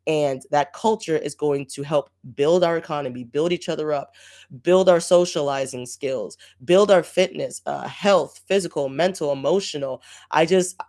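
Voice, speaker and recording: Excitable rambling live-stream host from Virginia. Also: mid-range voice. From Virginia, USA. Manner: excitable, rambling and self-deprecating, with sudden swings in volume. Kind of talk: casual live-stream chat. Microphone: cheap budget microphone.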